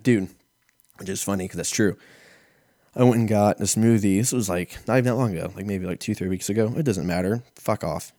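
A man's voice: lowish voice, a little fast, warm tone, no room sound, studio quality. A man in his thirties hosting a podcast, telling rambling, profane, self-mocking comic stories in a casual way. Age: 30s. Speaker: podcast host. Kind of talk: casual comedic storytelling.

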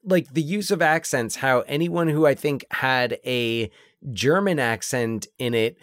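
A man talking films in a relaxed podcast chat, trailing into restarts and little fillers as he thinks out loud. His voice sits in a mid range, recorded close and dry with no room sound. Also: medium pitch, unhurried, no echo. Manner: hesitant, many restarts and fillers. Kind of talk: casual film discussion.

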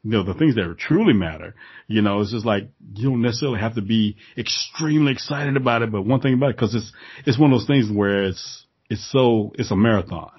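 A man in casual conversation, telling stories in a calm, laid-back way and laughing often. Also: fairly low pitch, fast, slightly rough, dull audio.

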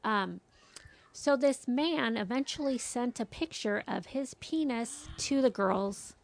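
A woman's voice: a little high, takes it slowly, gravelly. A middle-aged woman, a mother, telling a story in casual chat and acting out what others said. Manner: animated storytelling, quoting others.

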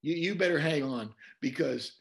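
Speaking at a moderate pace in a slightly high voice with vocal fry, a man who is a pastor tells stories as an interview guest. His delivery is conversational preaching full of scripture quotes, and he's animated, repeating words as he recites them.

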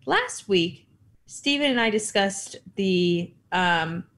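A woman's voice: mid-range voice, expressive, slow, fairly bright tone. A woman co-hosting a reality TV recap podcast, speaking in a wry, mock-formal way. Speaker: podcast co-host. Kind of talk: casual chat.

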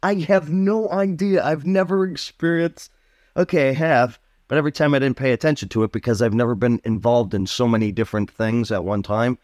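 A man's voice: medium pitch, a little fast, darkish tone, dry recording, studio quality. A man co-hosting a podcast, talking things over in a supportive, reflective way. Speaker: podcast co-host. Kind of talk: casual chat.

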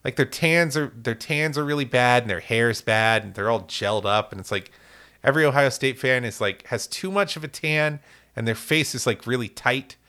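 A man's voice: medium pitch, normal speed, sharp tone. A man co-hosting a casual sports podcast, rambling and joking with lots of fillers and restarts. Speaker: podcast co-host.

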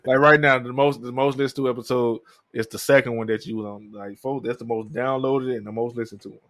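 A man with a Southern accent from Memphis, hosting a podcast and telling profane, animated stories in casual chat. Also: medium pitch, fast. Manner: animated storytelling, profane, laughs loudly. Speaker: podcast host.

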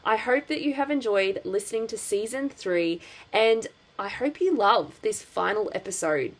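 A woman's voice: medium pitch, animated, normal speed. A woman with an Australian accent hosting a podcast, chatting casually with many ums and restarts. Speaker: podcast host. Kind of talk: casual chat.

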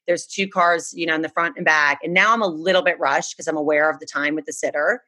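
A woman's voice: low-pitched, steady tone, fast talker, pushed and bright. A woman from the United States, earnestly telling a personal story in a casual chat. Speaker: guest.

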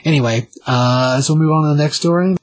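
A man's voice: a little high, fast, no echo. A man co-hosting a comic book podcast, chatting loosely and hedging his opinions. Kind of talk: casual chat.

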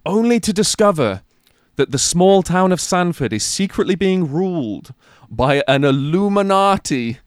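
A man with an English Midlands accent, co-hosting a casual podcast chat and retelling a plot with lots of swearing and animated enthusiasm. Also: sits high, a little slow, clear, resonant tone, no echo, studio quality. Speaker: podcast co-host.

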